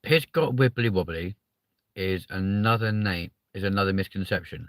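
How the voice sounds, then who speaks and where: A man's voice: low voice, normal speed, dry recording. A man hosting a live stream, chatting casually, reading out the chat and swearing freely between lots of ums.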